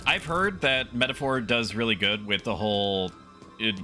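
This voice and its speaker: A young man streaming a horror shooter, chatting casually and breaking into loud, disbelieving yelps. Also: lowish voice, lively intonation, normal speed, soft background music. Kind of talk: casual game stream commentary.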